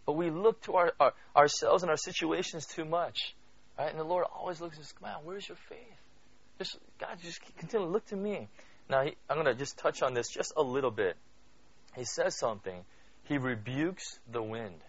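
Animated man teaching scripture, dull recording. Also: medium pitch. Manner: peppers speech with "you know" and "right?"; asks the listeners questions. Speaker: Bible teacher. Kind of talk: conversational Bible study sermon.

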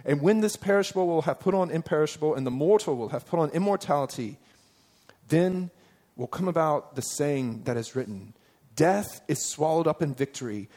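A man delivers a sermon in a fairly high voice, talking to his listeners as if in conversation. He keeps asking them questions and reads scripture passages aloud with emphasis. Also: normal speed, warm tone. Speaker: preacher.

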